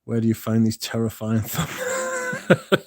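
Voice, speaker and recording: A man with a mid-range voice and huge pitch swings hosts a livestream, talking slowly with a slightly rough quality, studio-quality and echo-free. Reading viewer chat, he talks with them casually in a blunt, sweary, rambling way.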